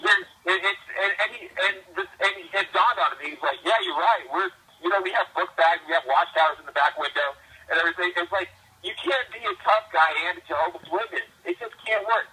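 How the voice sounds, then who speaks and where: A man's voice: sits high, a little fast, slightly rough. A man telling stories over a phone call in a rambling way, restarting his sentences often and acting out the people in them. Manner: rambling, with many restarts and repeated words; animated, acts out quoted people, laughs while telling. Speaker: co-host of a phone chat show. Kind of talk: casual storytelling over the phone.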